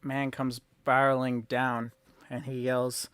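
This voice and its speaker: A man's voice: mid-range voice, fairly even intonation, moderate pace, clean tone, no room sound, clean studio sound. A man narrating a tabletop game as dungeon master in a casual, laid-back way.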